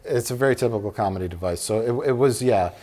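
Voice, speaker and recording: A man's voice: lowish voice, quick pace, warm tone. A man co-hosting a casual film review chat, dry and sarcastic.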